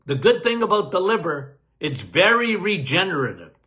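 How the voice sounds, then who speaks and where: A man's voice: high voice, sing-song, normal speed, sharp tone. A man, a doctor, answering health questions in a casual live Q&A, emphatic and folksy, often laughing.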